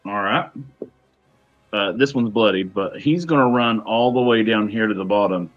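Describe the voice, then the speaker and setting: A man running a tabletop game as game master, talking in a hesitant way with many fillers and pauses. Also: fairly low pitch, soft background music. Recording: dull lo-fi recording.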